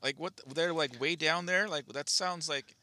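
A man's voice: on the high side, steady tone, moderate pace, sharp tone, no room sound. A man co-hosting a podcast in casual chat, laid-back and hesitant, trailing into fillers. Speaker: podcast co-host.

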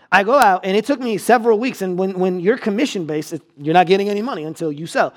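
A young adult man preaching a sermon, telling a personal story with animated delivery and repeating key lines for emphasis. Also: high-pitched, quick pace. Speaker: pastor.

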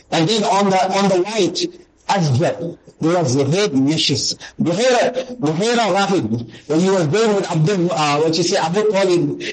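A man giving a sermon, reciting Arabic quickly and then explaining it in English in an earnest storytelling way. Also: on the high side, low-quality recording. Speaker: Islamic teacher. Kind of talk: sermon on the Prophet's qualities.

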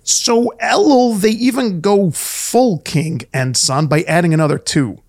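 A man's voice: high voice, unhurried, darkish tone. A man co-hosting a casual podcast, rambling playfully with jokes and many restarts. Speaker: podcast co-host. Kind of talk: casual chat.

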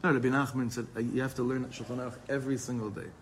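A man teaching a Torah class to a small group, quickly reading Hebrew passages and then explaining them in English in a lively way. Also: medium pitch, a little hiss or hum, rough recording.

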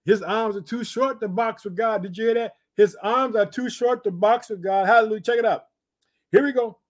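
High-voiced exhorting male preacher. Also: moderate pace. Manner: exhorting, with frequent rhetorical questions; punctuates with interjections. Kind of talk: Bible teaching sermon.

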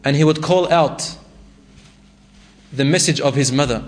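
A man's voice: a little high, unhurried, long pauses. A man preaching a sermon, reciting Arabic verses and retelling a story with rising emotion.

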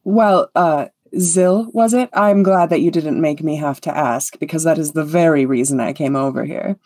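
A woman playing a self-important stage diva who takes her own fame for granted. Her delivery is grandiose and theatrical, in a very low, dry voice. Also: normal speed, warm tone, dry recording. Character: boastful vain woman performer, self-styled magnificent.

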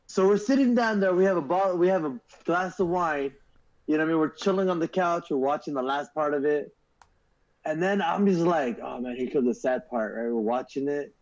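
A man's voice: a little high, fairly quick, poor audio. A man co-hosting a podcast, calling in over voice chat, telling loose stories and swearing a lot. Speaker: podcast co-host. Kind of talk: casual chat.

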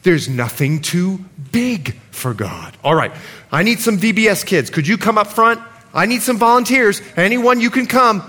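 A male pastor preaching a sermon in a church, animated and playful with his audience. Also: sits high, moderate pace. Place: church sanctuary. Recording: long hall reverb, congregation audible. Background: congregation.

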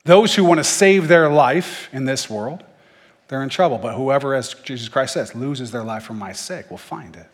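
A husky-voiced man giving a casual Bible teaching, talking to listeners plainly and tossing in jokes along the way. His voice carries a long reverb, as if he were in a large hall. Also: mid-range voice, normal speed. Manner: conversational, joking asides.

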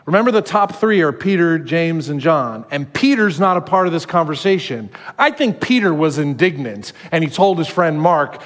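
Animated preaching man in a reverberant hall. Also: fairly high pitch, moderate pace. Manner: animated, acts out quoted voices. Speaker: pastor. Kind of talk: sermon.

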